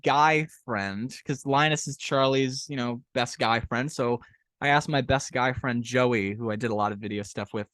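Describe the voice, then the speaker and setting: A man hosting a podcast, asking questions in a relaxed, jokey way and often saying "you know". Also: mid-range voice, normal speed, dry recording. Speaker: podcast host. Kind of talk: casual interview chat.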